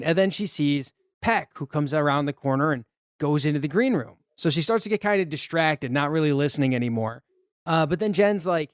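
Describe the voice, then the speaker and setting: Higher-voiced man recapping a movie. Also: animated, a little fast, no room sound, clean studio sound. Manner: rambling, retells scenes acting out character lines. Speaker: podcast co-host. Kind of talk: casual movie recap chat.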